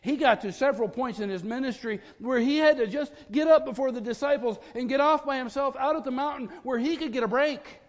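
A pastor delivers an earnest sermon in a fairly high voice for a man, stacking up parallel phrases for emphasis. His voice rings out with a long reverb, as in a big church hall. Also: a little fast, few pauses.

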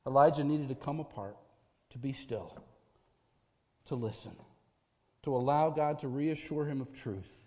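A man's voice: mid-range voice, measured pace, pauses often, dark tone, in a large hall. A man preaching a sermon as pastor, earnest and emphatic, building his points through repeated parallel phrases.

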